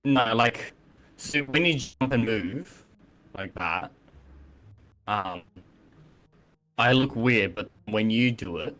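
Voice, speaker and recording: Low-voiced man, halting gaming chat. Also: animated, fairly bright tone. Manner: halting, searching for words with many ums. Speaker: streamer testing a game mod. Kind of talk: casual gaming chat on a stream. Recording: faint music behind.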